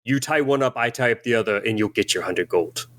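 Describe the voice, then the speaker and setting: A man voicing a squinting, calculating bounty hunter who strikes a deal in a low, measured way. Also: fairly bright tone, slight background noise, natural voice. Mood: scheming.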